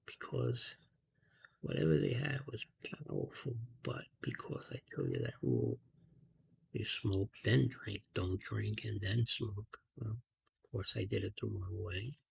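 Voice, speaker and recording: A man softly telling a rambling story in a half-whispered ASMR style, talking casually with slang and fillers, outdoors at night on a close mic. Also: fairly low pitch, very animated, measured pace, vocal fry, slightly rough. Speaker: ASMR channel host. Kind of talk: ASMR storytelling while coloring.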